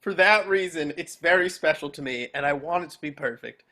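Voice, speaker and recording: A man's voice: a little high, fairly quick, sharp tone. A man reading a chipper, nervous afterlife architect who rambles and stumbles while giving a speech over a video call.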